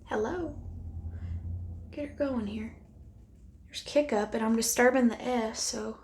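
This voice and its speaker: A woman's voice: on the high side, a little slow, darkish tone, a little hiss or hum. A woman vlogging a casual makeup try-on, chatting candidly to the camera and thinking aloud as she applies it, sometimes dropping to near-whispers. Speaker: beauty vlogger.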